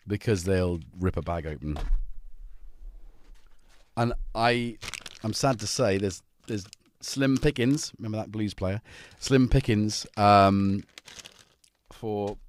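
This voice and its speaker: A man's voice: on the low side, a little hiss or hum. A man hosting a casual livestream from his home music studio, rambling cheerfully and greeting viewers by name. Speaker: livestream host.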